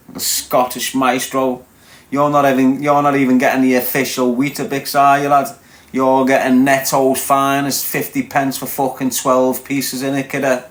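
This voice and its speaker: Brash, swearing Scouse man in his forties. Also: mid-range voice. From Liverpool, England. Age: 40s. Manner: brash, swearing, teasing viewers. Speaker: live streamer. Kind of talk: crude live-stream banter with chat.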